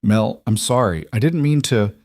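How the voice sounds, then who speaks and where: A man voicing a young woman heroine in an audiobook romance, raising his voice high and sounding flustered yet defiant. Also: normal speed, dry recording, clean studio sound, natural voice. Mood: sheepish. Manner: raised pitch, pleading then sharp.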